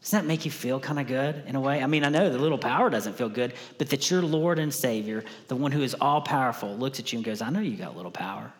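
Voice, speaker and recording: A male preacher delivers a sermon in an easygoing, conversational way, repeating his main points so they sink in. His voice sits at an ordinary middle pitch. It carries a long reverb from a church sanctuary. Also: quick pace, hardly any pauses. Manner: conversational, repeats key lines for emphasis.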